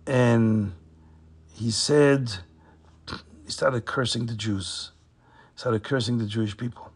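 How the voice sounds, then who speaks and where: A man retelling a story casually, with a raspy voice and frequent fillers. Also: mid-range voice, slow pace.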